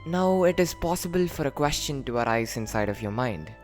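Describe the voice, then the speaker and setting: A man casually and playfully explaining his invented language, joking and jumping up in pitch for emphasis. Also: brisk, soft background music. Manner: jokey, animated, with sudden lifts in pitch.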